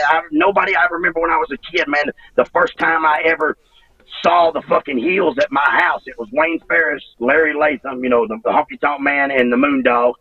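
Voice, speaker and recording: Middle-aged man, gravelly husky voice, lively rambling delivery over a muffled distant line. Interview guest. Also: on the high side. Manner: profane, rambling, drawling. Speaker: interview guest, former wrestler. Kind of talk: casual storytelling interview.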